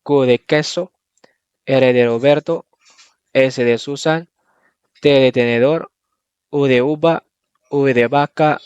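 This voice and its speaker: A man reciting a word list in a measured, even way, with dull, lo-fi sound. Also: medium pitch, clear, resonant tone, no room sound. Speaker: alphabet reciter.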